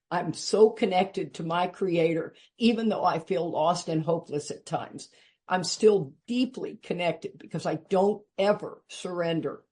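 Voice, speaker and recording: Older Texan woman, recovery-meeting speaker; earnest and emphatic, low-ish voice. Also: darkish tone. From Texas, US. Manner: earnest and emphatic, rising in pitch when urging listeners. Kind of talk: personal share at a recovery meeting.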